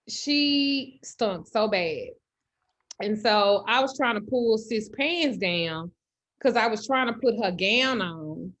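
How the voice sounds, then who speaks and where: A woman telling a comedic story in animated, loud, profane style. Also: mid-range voice. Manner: animated, loud, cursing freely. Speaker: host.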